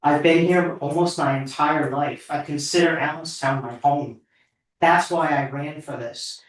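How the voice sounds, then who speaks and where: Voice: medium pitch, fairly even intonation, measured pace. A board member speaking at a town meeting in an earnest, heartfelt, emotional way. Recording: echoey hall, far from the mic.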